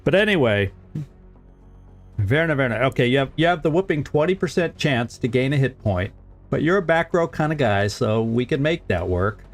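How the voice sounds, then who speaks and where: A man's voice: medium pitch, lively intonation, fairly quick, soft background music. Chatty man streaming a strategy game. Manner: chatty, chuckles often, repeats words while thinking aloud. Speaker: gaming streamer. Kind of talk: casual let's-play commentary.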